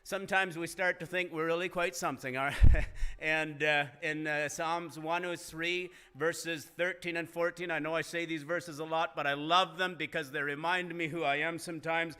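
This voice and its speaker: Bright-voiced male pastor preaching. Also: fairly high pitch, fairly even intonation, moderate pace, clear, resonant tone. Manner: earnest preaching, rising emphasis in retold dialogue. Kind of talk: sermon. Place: church sanctuary.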